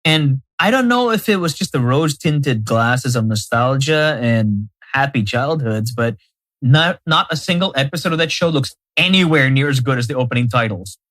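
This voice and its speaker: A man co-hosting a podcast, chatting casually in an animated way, full of fillers and restarts. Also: medium pitch, normal speed, no room sound. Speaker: podcast co-host. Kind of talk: casual chat.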